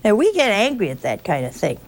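A woman's voice: mid-range voice, wildly swooping pitch, a little fast. A woman giving an informal sermon, telling chatty, teasing stories with a folksy touch. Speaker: religious speaker.

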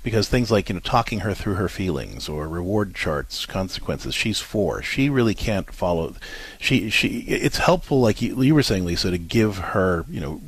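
Husky-voiced man giving parenting advice. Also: deep voice, expressive, moderate pace, no echo. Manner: earnest, explanatory, many restarts and fillers. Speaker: parenting show co-host. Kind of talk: advice talk.

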